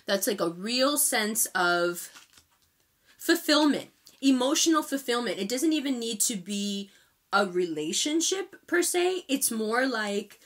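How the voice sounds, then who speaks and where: A New York woman rattles off a casual astrology forecast at speed, chatty and emphatic. Her voice is bright and sharp. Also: fairly high pitch.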